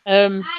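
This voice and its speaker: A woman's voice: mid-range voice, a little mellow, clean tone, no echo. A woman with a hesitant manner, chatting casually with many fillers and repeated words. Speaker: mother and chat participant. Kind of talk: casual group chat. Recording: dull, dry lo-fi audio.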